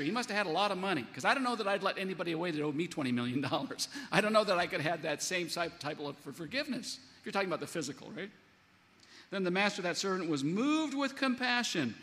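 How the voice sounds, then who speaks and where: A man delivers a sermon in a somewhat high voice, animated and acting out the quoted lines. His voice rings with a long reverb, as in a large hall. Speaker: pastor.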